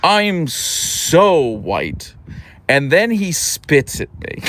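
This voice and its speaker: Young male streamer, casual and animated, lively pitch swings. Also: drawn-out words, no echo. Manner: animated storyteller, laughs often. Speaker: livestream host. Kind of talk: casual livestream chat reading comments.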